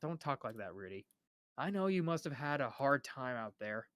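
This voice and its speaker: A man voicing a tense middle-aged father in a live book reading, speaking quietly. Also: medium pitch, very animated, moderate pace, no echo, clean studio sound. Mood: gentle.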